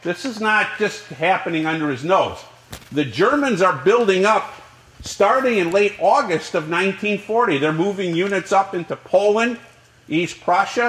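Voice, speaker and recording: A man teaching a college history class, lecturing in a lively way and asking the class questions. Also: high voice, reverberant, poor audio. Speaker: history professor.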